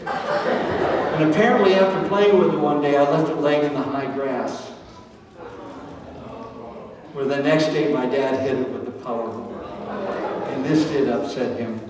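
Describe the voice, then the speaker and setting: An older man doing live comic storytelling with a faith message, wry and deadpan, dropping to soft, slow lines for tender moments. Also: medium pitch, distant mic, crowd noise. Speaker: stand-up storyteller. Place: large reverberant camp hall. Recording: very echoey hall picked up from afar.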